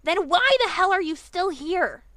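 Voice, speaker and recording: A woman voicing a brash, furious young female griffin in a fan audiobook reading, shouting and confrontational with slangy talk. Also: very high voice, measured pace, no echo, pitched above the performer's own voice. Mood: accusing.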